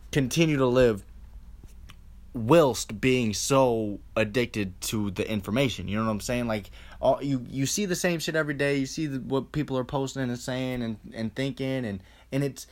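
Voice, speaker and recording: Man in a profane rambling rant. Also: fairly high pitch. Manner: profane, rambling, with frequent restarts and rhetorical questions. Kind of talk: casual ranting monologue.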